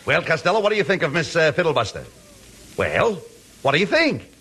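A man playing straight man in a 1940s radio comedy, brisk and reproving. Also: fairly high pitch, big pitch swings. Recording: hissy old radio recording.

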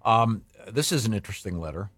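Middle-aged male radio host, low voice, dry studio sound, rambling. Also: animated, fairly bright tone, no echo. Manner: rambling, halting, self-interrupting. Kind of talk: casual radio banter.

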